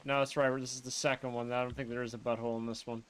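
A man's voice: mid-range voice, very fast, smooth. A man streaming a live playthrough, chatting animatedly with viewers and swearing freely as he reacts to the game. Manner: animated, swears freely, talks to his chat and to characters on screen. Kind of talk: live gameplay commentary.

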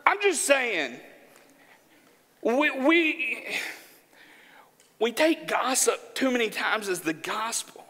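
A man from Arkansas preaching a sermon in a church, joking in a folksy, animated way. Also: very high-pitched, slow pace, long pauses. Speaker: pastor. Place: church sanctuary. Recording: church hall with long reverb.

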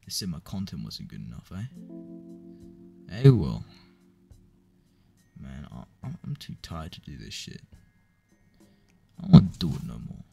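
Low-voiced sardonic young man. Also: huge pitch swings, a little slow, creaky, pauses often, slightly rough, soft background music. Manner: sardonic, swearing, sudden loud bursts. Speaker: comedy YouTuber. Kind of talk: mock-dramatic rant and joke reading.

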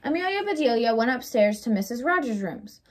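Young woman, storybook reader, read-aloud, expressive, high voice, lively melody. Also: brisk, slight background noise. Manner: expressive, animated.

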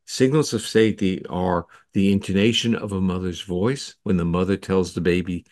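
A man, a scientist guest in an interview, explaining ideas in a steady lecturing manner with occasional restarts. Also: deep voice, normal speed, dry recording, clean studio sound.

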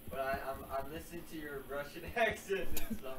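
A man's voice: on the high side, fairly quick. Distant teasing man in a noisy room. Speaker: streamer's brother dropping in. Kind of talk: casual teasing chat. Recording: roomy, distant from mic, loud noise.

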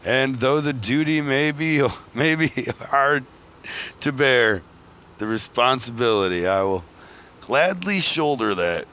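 Joking and profane, the same kind of podcast host wanders between tangents in a casual ramble, swearing freely. His medium-pitched voice is smooth, bright, and expressive, delivered slowly with a forceful tone. The recording sounds dull and lo-fi.

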